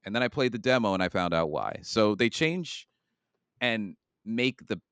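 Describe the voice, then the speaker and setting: A man with a low, resonant voice talks casually on a gaming podcast. He rambles and restarts his sentences often. The sound is close and dry, with no room around it. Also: lively intonation, normal speed, a bit bright, smooth, dry recording. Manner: rambling, with many fillers and restarts. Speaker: podcast co-host.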